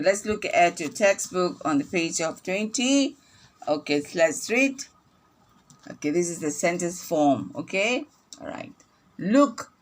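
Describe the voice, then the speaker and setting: Lady teacher reading to little kids, super slow, says everything twice. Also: on the low side. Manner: slow, deliberate, repeats each sentence for children. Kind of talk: reading lesson for young children.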